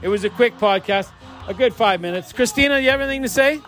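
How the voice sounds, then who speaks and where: A man's voice: very high-pitched, quick pace, fairly bright tone. A man hosting a casual podcast among friends in a garage shop, joking and rambling as he interviews people, with music playing behind him. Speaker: host. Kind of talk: casual party podcast chat.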